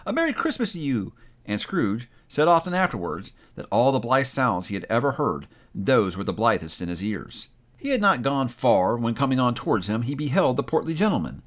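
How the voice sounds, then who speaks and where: Animated man reading a storybook aloud. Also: mid-range voice. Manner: expressive, animated narration. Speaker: narrator.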